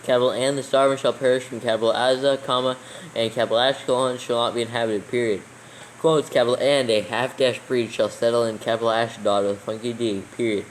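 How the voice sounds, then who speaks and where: A man's voice: medium pitch, steady tone, fairly quick, a little hiss or hum, rough recording. Man dictating scripture with punctuation. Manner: reads steadily, calling out commas and capitals. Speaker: reader dictating text for proofreading. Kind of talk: slow dictation with punctuation read aloud.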